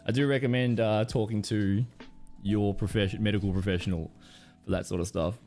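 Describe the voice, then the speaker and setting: An Australian man chatting casually and profanely with his live stream audience, rambling into animated stories. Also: on the low side, a little fast, soft background music.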